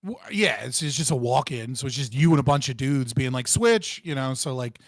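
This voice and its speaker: A man's voice: mid-range voice, brisk, no echo, clean studio sound. A man co-hosting a casual chat show, joking and swearing freely. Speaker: show co-host.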